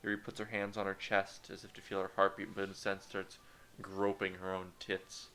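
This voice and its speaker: A man's voice: deep voice, completely flat delivery, a bit bright, a little hiss or hum. A man streamer reading a visual novel aloud with voices, joking and playful. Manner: joking, playful, quick to laugh.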